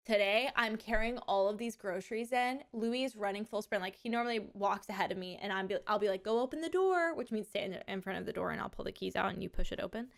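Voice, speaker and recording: A young woman streamer telling stories in casual chat, with lively quoted asides. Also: mid-range voice, fast talker, vocal fry, few pauses. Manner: chatty storytelling, animated quoted asides.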